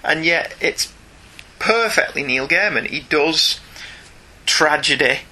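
A man's voice: a little high, takes it slowly. A British man chatting casually and jokingly as a podcast co-host discussing comics. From Britain. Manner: chatty, jokey, animated.

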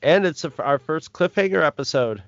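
A man co-hosting a podcast, chatting casually about an episode in an easygoing, slightly halting way. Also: fairly high pitch, animated, no echo, highs cut off. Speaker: podcast co-host. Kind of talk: casual discussion.

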